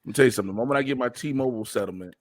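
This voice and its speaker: A man's voice: racing, no echo. A male podcast host in casual comedic chat, joking loosely and sore from a wrestling show. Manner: animated joking, jumps to high mocking voices.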